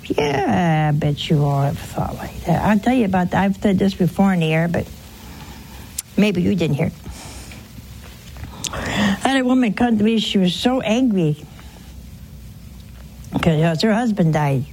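Slow, animated woman preaching. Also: medium pitch, a little hiss or hum, low-quality recording. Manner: folksy, wry, talks straight to listeners. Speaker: religious broadcaster. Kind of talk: sermon-style teaching on air.

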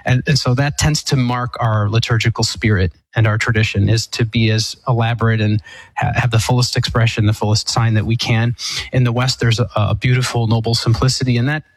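Husky-voiced priest explaining theology. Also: male voice, medium pitch, steady tone, no room sound, poor audio. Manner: measured, thoughtful, with frequent fillers and restarts. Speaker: Eastern Catholic priest. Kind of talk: explaining theology on a call-in show.

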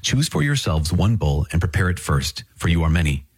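A man's voice: deep voice, very animated, normal speed, slightly rough, dry recording, clean studio sound, heavily acted. A man reading the lines of a stern, bold prophet in a firm, commanding way. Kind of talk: scripture reading.

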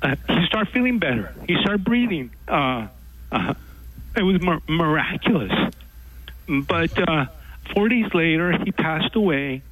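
A man calling in to a radio show, telling a story haltingly with many pauses and fillers. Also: on the high side, expressive, a bit bright, low-quality recording. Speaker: caller. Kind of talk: call-in radio talk.

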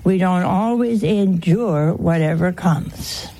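A woman's voice: lowish voice, slow, mellow, slight background noise. A woman giving an informal sermon, teasing her listeners with rhetorical questions and humorous anecdotes. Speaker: religious teacher.

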